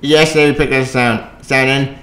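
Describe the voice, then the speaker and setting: A man's voice: medium pitch, steady tone, unhurried, fairly bright tone. Rambling man in an echoey room. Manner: rambling, sarcastic, with many restarts. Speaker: comic book reviewer. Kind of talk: casual rambling review. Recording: roomy echo.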